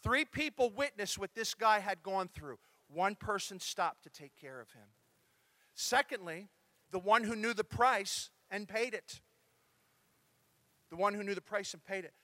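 A man preaching a sermon as pastor, talking to his congregation in a lively, conversational way. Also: high voice, measured pace, no echo.

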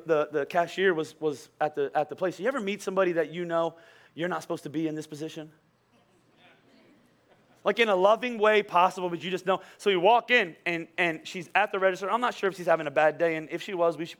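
A man with a notably high-pitched voice delivers a relaxed, conversational sermon. He jokes and laughs as he goes, often doubling back on his words before pressing on. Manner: chatty, joking, with frequent laughs and repeated words. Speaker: pastor.

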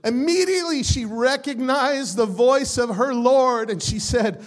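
High-voiced pastor preaching with shouted fervor. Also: male voice, a little slow. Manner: swings from hushed storytelling to shouted, sing-song preaching; casual slang, "man" and "like". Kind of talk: Easter sermon.

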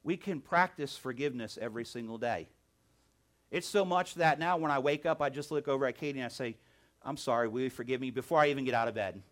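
A male pastor preaching a sermon in church, animated, often calling out "amen?" and "right?". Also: medium pitch, fast talker.

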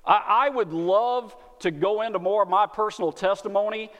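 A man's voice: high voice, moderate pace, a bit bright. A man with a Texan accent preaching a sermon in a folksy, earnest way, often repeating words as he speaks. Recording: long hall reverb.

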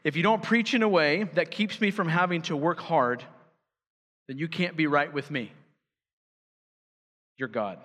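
A man's voice: a little high, unhurried, long pauses, a bit bright. A man preaching a sermon as pastor, emphatic and building to fervent urgency. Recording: church hall reverb.

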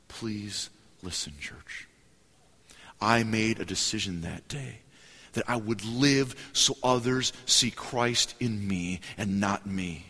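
A man preaching a sermon as a story, animated and acting out voices and cheers in a large church hall. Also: fairly low pitch, husky. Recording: hall reverb, live sermon.

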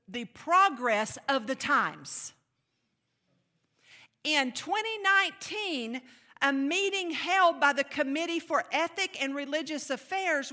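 Woman preacher, high bright voice, emphatic and animated sermon, long hall reverb.

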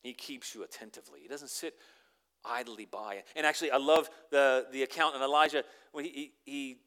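A man preaching a conversational sermon, repeating words as he starts phrases and swinging from loud emphasis to near-whispered lines. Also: mid-range voice, fairly even intonation, normal speed. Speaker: pastor.

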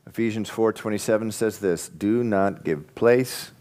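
A man preaching a sermon, reading scripture and swinging between loud emphatic bursts and quiet, intense asides. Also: on the low side, unhurried. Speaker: pastor.

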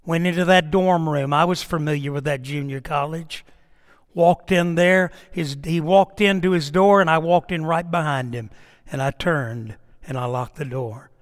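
A man's voice: fairly high pitch, moderate pace, in a large hall. A middle-aged man, a pastor telling a story in a sermon with emphatic, dramatic delivery.

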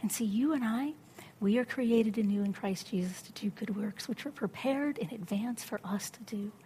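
A middle-aged woman preaching a sermon, telling a story with lively acted-out inner dialogue. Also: fairly high pitch, normal speed, a little hiss or hum. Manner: animated storytelling, acts out her own inner voice.

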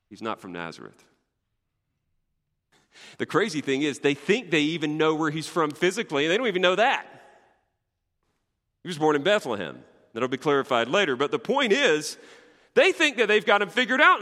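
A man's voice: on the high side, pushed and bright. A man preaching a sermon, voicing scripture quotes with dramatic emphasis. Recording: long hall reverb.

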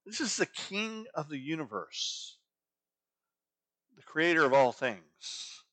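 Pastor preaching in a conversational way. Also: male voice, a little high, big pitch swings, takes it slowly, sharp tone. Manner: conversational, asks rhetorical questions. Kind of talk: sermon.

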